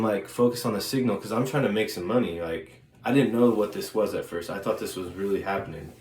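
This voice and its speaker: Man, casual rambling storytelling, halting, echoey room. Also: on the low side, darkish tone. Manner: rambling, halting with many restarts and fillers. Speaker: vlogger. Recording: echoey room with faint ambient noise.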